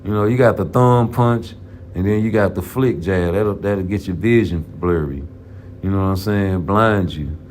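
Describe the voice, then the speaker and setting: A man's voice: low voice, normal speed, a little mellow, slight background noise. A man giving casual, profane, rambling boxing commentary in a vlog. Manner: profane, rambling, slang-heavy. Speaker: boxing vlogger. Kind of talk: casual trash-talking commentary.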